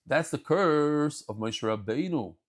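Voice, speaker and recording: A man giving a daily Talmud lesson, telling the stories in an animated way and mixing English with Hebrew and Yiddish terms. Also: on the high side, unhurried. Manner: animated storytelling, acts out scenes. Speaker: Talmud teacher.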